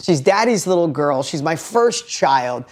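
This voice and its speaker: A man's voice: fairly high pitch, very animated, a little slow. A middle-aged man giving a motivational talk to a live audience, emphatic, repeating key lines and putting questions to the listeners. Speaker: motivational speaker.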